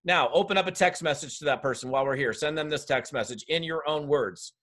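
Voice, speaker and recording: A man coaching a group of network marketers on a video call, direct and energetic, talking straight to his audience. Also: fairly high pitch, fast talker, few pauses.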